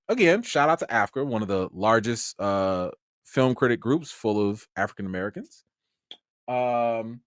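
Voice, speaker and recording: A man from Chicago, a film critic hosting his own channel, telling an excitable, slangy story on a livestream. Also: medium pitch, dry recording, studio quality.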